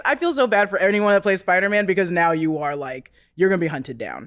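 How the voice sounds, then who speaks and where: A woman co-hosting a casual pop-culture chat show, talking in an animated way with frequent laughs and restarted sentences. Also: on the low side, fast talker, few pauses, no echo, clean studio sound. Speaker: co-host.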